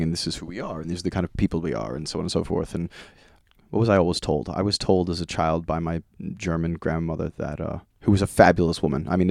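A man being interviewed, telling rambling family stories in a casual, animated way and laughing often. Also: deep voice, gravelly, dry recording, studio quality. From Long Island, New York. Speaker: guest musician.

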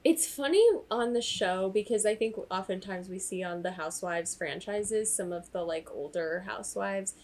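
A woman's voice: mid-range voice, moderate pace, hardly any pauses, darkish tone. A woman co-hosting a podcast in casual chat, telling stories animatedly and acting out quotes. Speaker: podcast co-host.

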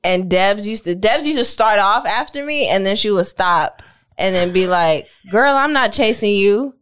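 Casting note: woman with a smooth, clear voice, relaxed storyteller. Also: mid-range voice, moderate pace. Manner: easygoing, laughing storyteller. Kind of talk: casual storytelling.

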